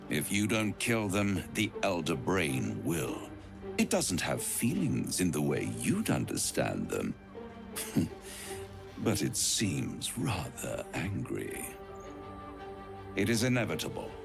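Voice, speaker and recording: An actor voicing an ancient scheming male devil in a video game, with a deep, theatrical, relishing drawl. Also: gravelly, full character voice. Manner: grand, relishing, mocking delivery. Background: game music.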